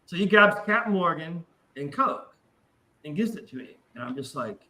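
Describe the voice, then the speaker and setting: Casting: middle-aged male host, profane rambling storyteller, bright voice, lively pitch. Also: normal speed, low-quality recording. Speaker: podcast host. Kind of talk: casual chat.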